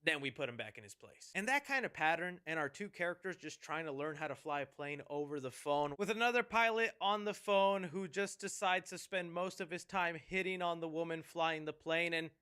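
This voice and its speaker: A man's voice: fairly high pitch, fairly quick, few pauses, sharp tone, clear, resonant tone. A man giving a sarcastic, joking movie review commentary.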